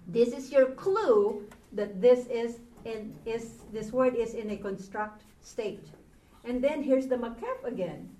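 Woman teaching a class, slow and patient, slightly high voice, roomy classroom from a distance, faint noise. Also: dark tone. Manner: patient, asks the class questions. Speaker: Hebrew teacher. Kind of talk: classroom lesson.

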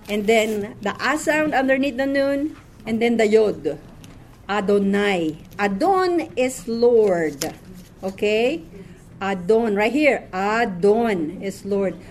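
A woman leads a classroom reading lesson, patient and methodical as she quizzes students one word at a time. Her voice sits a little high, and she takes her time. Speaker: Hebrew reading teacher.

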